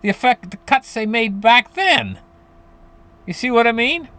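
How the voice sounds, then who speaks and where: Animated high-pitched man explaining finance. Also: unhurried. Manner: animated, rambling with restarts and chuckles. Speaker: finance commentator. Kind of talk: casual explainer to viewers.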